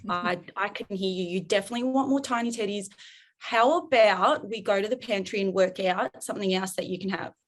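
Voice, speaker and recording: A woman's voice: mid-range voice, brisk. A woman, a parenting coach talking animatedly and acting out scenes on a podcast. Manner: animated, acts out parent and child in role-play. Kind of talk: podcast interview.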